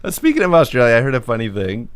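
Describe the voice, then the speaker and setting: A man's voice: mid-range voice, huge pitch swings, very fast, clean tone, no echo. A man co-hosting a podcast in casual, joking chat, rambling and laughing often. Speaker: podcast co-host.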